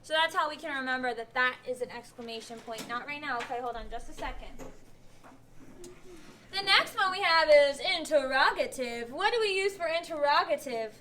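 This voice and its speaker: An elementary school teacher instructs young pupils, patiently asking questions and acting out example sentences. Her high voice is expressive, bright and forceful, at a normal speed. There's slight background noise.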